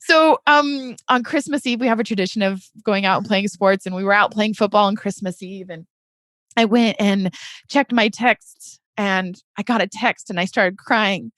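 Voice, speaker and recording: In clean studio audio with no echo, a real estate investor appearing as a podcast guest shares a personal story at a normal speed. Her medium-pitched voice is fairly bright with fairly even intonation, and her heartfelt, earnest telling is sprinkled with "right?" and "you guys."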